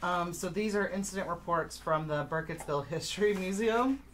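A woman's voice: fairly low pitch, moderate pace, a bit bright. A woman playing a tabletop mystery game, telling a story in casual chat with lots of "like" fillers. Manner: chatty storyteller, many "like" fillers.

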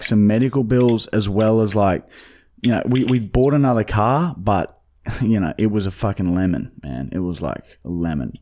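A man making a prank phone call, rambling deadpan with constant fillers. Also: lowish voice. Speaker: prank caller.

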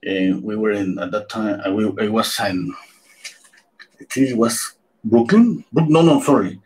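A man's voice: lowish voice, expressive, unhurried, a little mellow. A man in his fifties, a painting instructor, telling a casual anecdote in a rambling way with many restarts and self-corrections.

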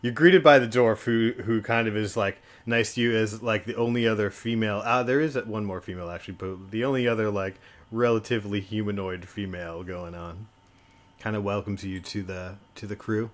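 A man's voice: lowish voice, fairly even intonation, fairly quick. A man narrating a tabletop role-playing game as dungeon master, rambling along with lots of fillers.

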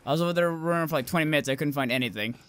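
A young man commentating a video game with loud outbursts, heavy swearing and self-mocking asides. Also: a little high, very fast. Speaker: gameplay commentator. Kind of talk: swearing, excitable let's-play commentary.

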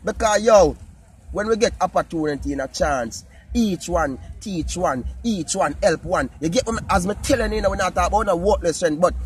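A man with a Jamaican accent talking casually to his viewers in patois, animated and repetitive. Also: high-pitched, moderate pace, husky, soft background music. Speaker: vlogger. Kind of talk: casual talk to camera.

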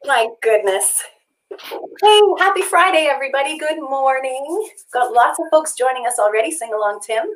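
A woman's voice: sits high, expressive, brisk, low-quality recording. A woman co-hosting a children's show, cheerfully greeting viewers by name. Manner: bright, friendly, reads out names.

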